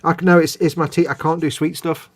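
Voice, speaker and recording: Man, casual gameplay chat, jokey, talks fast. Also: a little high, no room sound. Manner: rambling, jokey, animated.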